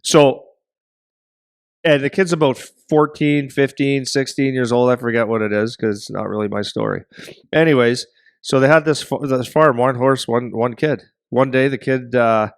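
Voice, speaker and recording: Man, middle-aged, podcast co-host, rambling animated storytelling, dry close sound. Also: mid-range voice, no echo. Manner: rambling, animated storyteller who acts out voices. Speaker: podcast co-host and hockey parent.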